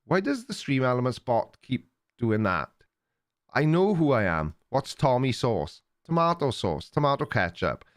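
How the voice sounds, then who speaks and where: A man's voice: medium pitch, big pitch swings, a little slow. An older man with a Welsh accent, hosting a live stream and chatting casually with viewers in a rambling, teasing way. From Wales. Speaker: livestream host reading chat.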